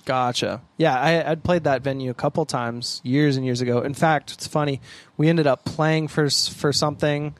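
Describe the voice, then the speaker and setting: A man's voice: a little high, fairly even intonation, normal speed, slight background noise. A young man co-hosting a casual podcast, easygoing and agreeable, chiming in with jokes. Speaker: podcast co-host, guitarist. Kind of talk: casual chat.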